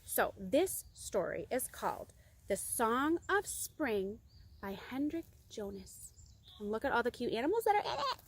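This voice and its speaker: Upbeat woman reader, slightly high voice, doing children's storytime outside. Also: unhurried, breathy edge. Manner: bright, expressive storyteller talking to kids. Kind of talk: reading a picture book aloud to children. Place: outdoors among singing birds.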